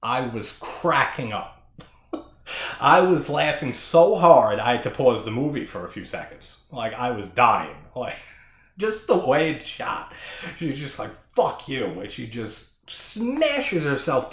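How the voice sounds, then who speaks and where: A man hosting a horror film podcast, talking in a casual, animated and profane way and laughing often. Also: medium pitch, slow pace. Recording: roomy echo.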